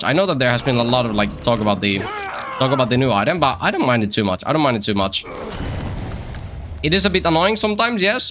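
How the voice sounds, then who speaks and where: Bright-voiced man rambling while gaming. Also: mid-range voice, a little hiss or hum. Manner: rambling, joking, talks to himself and other players. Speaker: streamer. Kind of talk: casual live-stream gameplay commentary.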